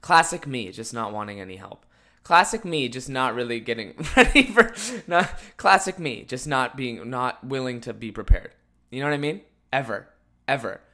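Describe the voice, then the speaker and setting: A young man hosting his own podcast with a rough morning voice, rambling jokily between loud outbursts and mumbled asides. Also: mid-range voice, animated, normal speed. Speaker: podcast host. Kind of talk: casual solo podcast chat.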